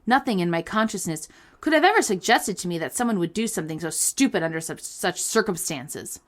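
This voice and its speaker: A woman's voice: lowish voice, animated, a little fast. A woman co-hosting a casual podcast, reading listener stories aloud with playful comic asides and frequent laughter.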